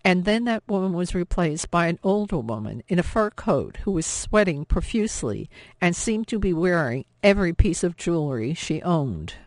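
Measured woman audiobook narrator. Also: lowish voice, dry recording. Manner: measured, steady, expressive. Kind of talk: scripted narration.

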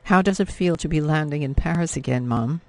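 A man voicing an attentive adult son who speaks gently to his mother. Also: fairly high pitch, brisk, no echo, close to an everyday voice. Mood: caring.

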